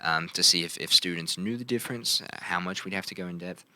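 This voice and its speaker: A man's voice: low-pitched, fast talker, sharp tone, dry recording. A young man hosting a casual podcast chat, telling stories playfully and tagging his lines with "right?". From from Logan. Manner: playful storyteller, full of "right?" tags. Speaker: podcast host.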